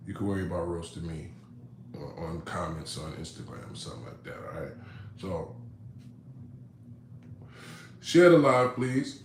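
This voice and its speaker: A man's voice: deep voice, expressive, unhurried, pauses often. A man hosting a casual livestream from home, talking in a laid-back, streetwise way with viewers. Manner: laid-back, streetwise, full of "you know what I'm saying". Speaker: livestream host. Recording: roomy, light background noise.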